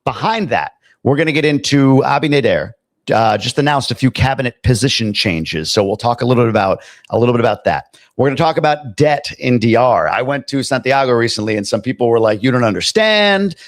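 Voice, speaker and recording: A man's voice: mid-range voice, animated, a little fast, no echo, clean studio sound. A middle-aged man hosting a casual live stream, chatting loosely, reading out viewer comments and tossing in jokey asides. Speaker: livestream host.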